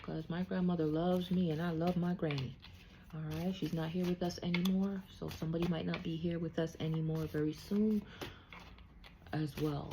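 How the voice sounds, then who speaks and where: A psychic card reader gives a casual spiritual reading, chatty and tacking "okay?" onto nearly every thought. Her voice is fairly low and steady at a moderate pace, against a noisy background.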